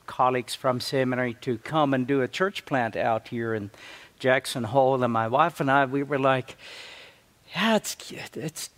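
A man from Africa, a visiting pastor, preaching a sermon with lively storytelling and acted-out quotes of church members. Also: mid-range voice, normal speed. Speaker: guest pastor.

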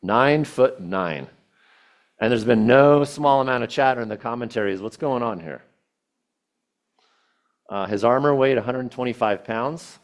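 A man's voice: mid-range voice, normal speed, pauses often. A man preaching a sermon, retelling a scripture story with casual asides and quoted verses.

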